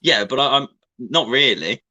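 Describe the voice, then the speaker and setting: A playful man from Wales chats as a guest on a video call and laughs easily. His voice is bright, and his pitch moves up and down a lot. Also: lively intonation, moderate pace, husky, highs cut off. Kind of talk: casual chat on a video call.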